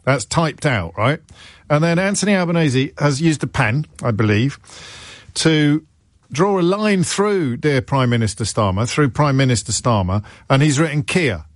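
A middle-aged man hosting talk radio, chatty and wry as he wanders off on tangents and pokes fun at himself. His voice sits at an ordinary pitch and sounds close and dry, with no room around it. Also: expressive, normal speed, dry recording. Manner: chatty, wry, digressive, self-mocking asides. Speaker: radio phone-in host. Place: radio studio. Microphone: studio microphone.

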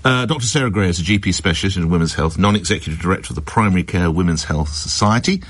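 A man's voice: sits low, fast. A man hosting a radio phone-in show, reading news items and talking with callers, with chatty, wry asides.

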